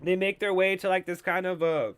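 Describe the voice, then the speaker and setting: A man hosting a casual show review, talking in a rambling, excitable way with lots of swearing and filler words. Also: high-pitched, brisk, clear, resonant tone.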